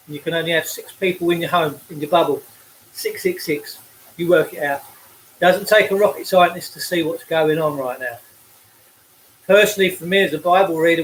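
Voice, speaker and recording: A man's voice: on the high side, fairly bright tone, slight background noise, rough recording. An out-of-breath Englishman, delivering a blunt, preachy livestream rant while cycling outdoors, speaking into a phone.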